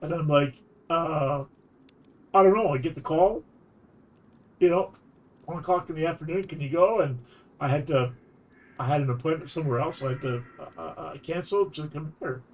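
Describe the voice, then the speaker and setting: A man's voice: a little high, moderate pace, long pauses. A man streaming while telling a long anecdote in a casual, rambling way, often restarting his sentences. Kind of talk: casual storytelling chat.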